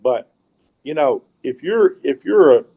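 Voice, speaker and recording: A man's voice: on the high side, animated, measured pace, gravelly, breathy edge, narrow, tinny audio. A middle-aged man from Mississippi with a Southern accent, giving a folksy, rambling and informal webinar talk as a guest speaker, often repeating words and restarting sentences. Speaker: guest speaker, real estate investor.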